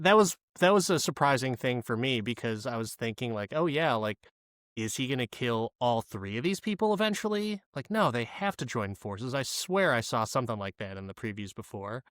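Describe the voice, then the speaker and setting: A man's voice: mid-range voice, fairly bright tone, no echo, studio quality. A man co-hosting a podcast, chatting casually about a movie in rambling sentences and swearing freely when he gets going. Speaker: podcast co-host. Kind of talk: casual movie-review chat.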